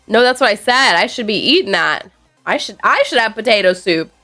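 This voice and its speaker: A woman's voice: medium pitch, animated, a little fast, bright, forceful tone, soft background music. A woman streamer chatting casually with her viewers, rambling and reacting playfully to chat messages. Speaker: live streamer.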